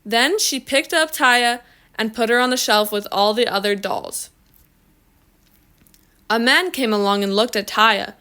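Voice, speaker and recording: A woman reading a children's story aloud in a slow, expressive storytelling manner. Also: on the high side, smooth. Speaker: reader.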